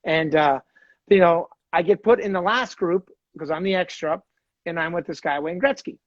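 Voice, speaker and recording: A man from Canada hosting a casual podcast, telling an animated hockey story and acting out the people in it. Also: fairly high pitch, moderate pace, dry recording, dull audio. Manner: animated storyteller, acts out quoted voices. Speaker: podcast host, former hockey player.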